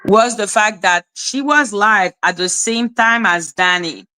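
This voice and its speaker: A woman's voice: medium pitch, unhurried, bright, forceful tone. A woman giving casual reaction commentary as a YouTuber, blunt and profane as she talks back at clips.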